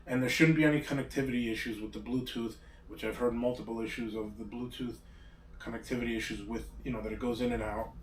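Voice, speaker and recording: A man's voice: mid-range voice, fairly even intonation, quick pace. A man hosting a casual chat, talking in a rambling, hesitant way with many restarts. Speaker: host. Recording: roomy echo, distant mic, faint background hum.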